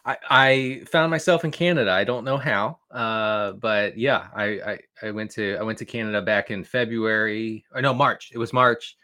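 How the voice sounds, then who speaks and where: A man joins a podcast as a fantasy football analyst, talking excitedly and jokingly with frequent stammered restarts. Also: lowish voice, normal speed, hardly any pauses. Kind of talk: casual chat.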